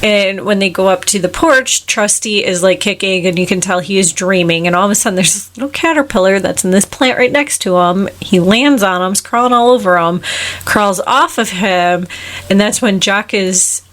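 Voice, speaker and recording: A woman at an average pitch, co-hosting a podcast and walking through a film's story in a relaxed, chatty way. She slips into brief quoted voices for the characters as she goes, with small laughs along the way. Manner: retells the plot with quick acted quotes and laughs. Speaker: podcast co-host. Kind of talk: casual film recap chat.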